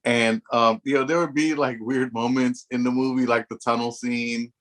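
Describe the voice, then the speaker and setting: A man's voice: medium pitch, level tone, normal speed, a bit bright. A man co-hosting a casual movie review chat, slangy and profane, retelling scenes with animation. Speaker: podcast co-host.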